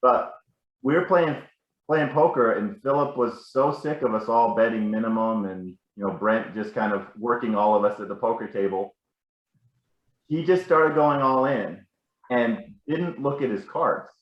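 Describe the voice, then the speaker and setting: A man's voice: medium pitch, moderate pace, echoey room, dull audio. A man telling rambling, self-correcting stories about a family member at a casual gathering. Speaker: family member sharing memories.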